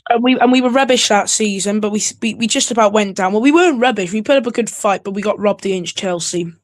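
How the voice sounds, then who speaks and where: A woman chatting casually on a livestream in a relaxed, storytelling way. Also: mid-range voice, fast talker, no echo. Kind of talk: casual call-in chat.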